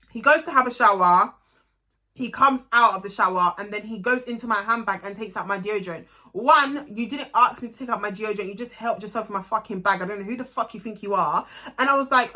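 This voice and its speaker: A young woman with a London accent tells a storytime tale in a casual vlog. She is blunt, swears freely and tells it with animated energy. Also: a little high, fast. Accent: London English. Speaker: vlogger.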